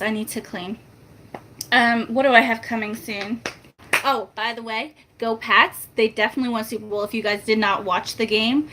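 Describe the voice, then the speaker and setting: A woman's voice: fairly high pitch, a bit bright, a little hiss or hum. A young woman vlogger rambling upbeat in casual chat to her viewers.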